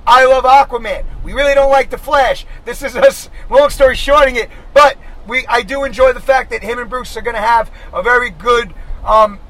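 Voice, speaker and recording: A man co-hosting a podcast, talking in an animated, blunt and profane way while riding in a car. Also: very high voice, normal speed, few pauses, poor audio. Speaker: podcast co-host. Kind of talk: casual chat. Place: inside a moving car.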